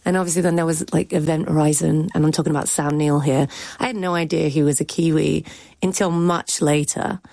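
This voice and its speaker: A woman's voice: sits low, fairly even intonation, brisk, gravelly, darkish tone, dry recording. A woman critic and cultural commentator giving chatty, frank opinions on a radio show.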